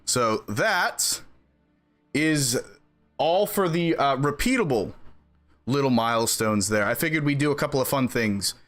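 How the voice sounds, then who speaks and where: Lively, chatty male streamer. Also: medium pitch, measured pace, soft background music. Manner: animated, chatty, laughs between sentences. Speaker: game streamer. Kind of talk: casual live-stream chat with viewers.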